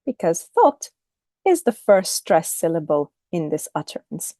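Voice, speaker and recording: Woman teacher, recorded lesson, animated pitch, clear deliberate delivery, dry close sound. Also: dry recording. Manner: clear, deliberate teacherly delivery, modelling intonation on example phrases. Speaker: English teacher.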